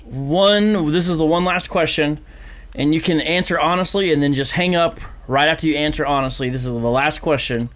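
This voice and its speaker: A man's voice: on the high side, moderate pace, fairly bright tone. A man hosting a live online show, reading viewers' chat messages aloud with fillers and laughs. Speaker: livestream show host.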